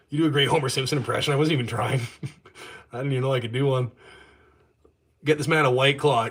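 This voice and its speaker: A man's voice: on the high side, pushed and bright. A man ranting on his live stream, crude and mocking, swearing constantly. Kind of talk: casual profane rant on a live stream.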